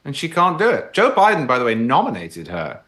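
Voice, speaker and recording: A man's voice: medium pitch, wildly swooping pitch, fairly quick, a bit bright. Emphatic, articulate male pundit. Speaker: guest commentator. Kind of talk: political talk show commentary.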